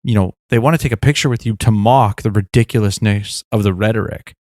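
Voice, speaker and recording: A man co-hosting a podcast, speaking in a relaxed, reflective way with some teasing. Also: lowish voice, fairly quick, no room sound, studio quality. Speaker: podcast co-host. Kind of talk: casual chat.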